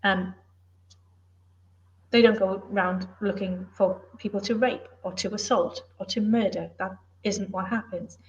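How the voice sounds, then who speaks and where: A woman's voice: medium pitch, steady tone, unhurried, muffled recording. A middle-aged woman from the UK, a former police officer and author, talking in an earnest, emphatic, plain-spoken way in a casual interview.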